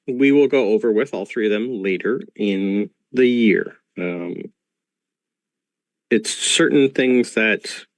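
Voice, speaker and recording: A man lectures his players as a school professor, slowly and patiently, filling pauses with ums. His voice sits in the middle range for a man. The sound is dry and close, picked up over a video call. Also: mid-range voice, no echo. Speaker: game master playing a professor. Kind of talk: narrating a tabletop game over a video call.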